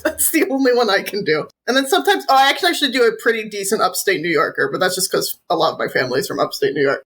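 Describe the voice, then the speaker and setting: A podcast co-host who grew up in the American South, talking casually in a mid-range voice. Laughs come often and the asides are quick and playful. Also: medium pitch, animated, fairly bright tone, slight background noise. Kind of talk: casual chat.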